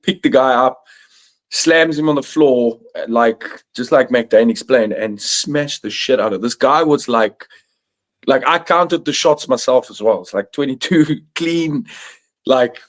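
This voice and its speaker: A man's voice: mid-range voice, a little slow. A man on a streamed video call, rambling through his opinions with many likes and restarts. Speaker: podcast panelist. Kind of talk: casual chat.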